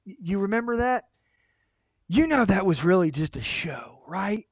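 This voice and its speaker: A man voicing a sneering male devil who whispers doubts into a believer's ear, in a hushed, insinuating way. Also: high voice, big pitch swings, a little slow, no room sound, studio quality, exaggerated voice. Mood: taunting.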